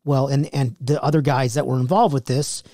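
A man's voice: mid-range voice, steady tone, brisk, dark tone, dry recording, studio quality. A man co-hosting a podcast in casual chat, mostly giving short replies and questions. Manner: short agreeing replies, quizzes his co-host. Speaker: podcast co-host.

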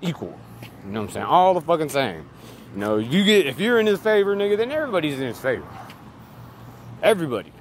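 A man's voice: a little high, sing-song, fast, pauses often. A man giving a rambling, profane, emphatic monologue outdoors near traffic. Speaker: vlogger. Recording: loud street and vehicle noise.

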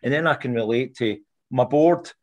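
Animated Scottish man explaining. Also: mid-range voice, normal speed, lo-fi sound. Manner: animated, explanatory, frequent restarts. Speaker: teacher. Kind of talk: explaining in a video interview.

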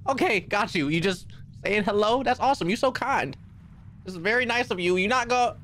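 A man's voice: very high-pitched, expressive, unhurried, pauses often, a bit bright, slight background noise. A young man streaming a horror game, jumpy and swearing a lot as he talks to his chat and to himself. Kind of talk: live horror gameplay commentary.

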